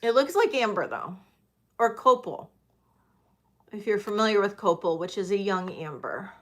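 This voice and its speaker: A woman's voice: mid-range voice, expressive, normal speed. A middle-aged woman hosting a live-streamed vintage jewelry sale, chatty and thinking aloud with many ums.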